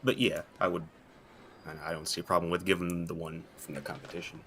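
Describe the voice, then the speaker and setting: A man playing a tabletop game with a very low, deep voice and faint hiss behind him. He talks in an easygoing, hesitant way. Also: level tone, a little fast, pushed and bright. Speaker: player. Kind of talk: casual tabletop chat.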